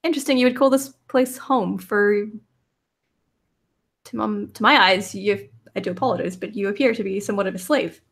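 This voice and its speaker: A woman's voice: medium pitch, a little fast, vocal fry. A woman voicing a formal, courteous young wanderer from the misty woods. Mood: wondering.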